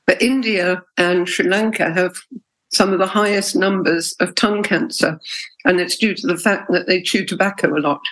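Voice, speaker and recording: A woman's voice: on the low side, fairly even intonation, normal speed, a bit bright, low-quality recording. A middle-aged woman, telling her own story in an interview, candid and emotional, with hesitations. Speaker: interviewee, patient. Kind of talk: personal interview.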